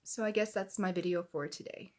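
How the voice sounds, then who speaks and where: A woman's voice: on the low side, steady tone, brisk. Heated, indignant woman vlogger. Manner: angry, indignant, swears. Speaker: YouTube commentator. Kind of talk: heated reaction commentary.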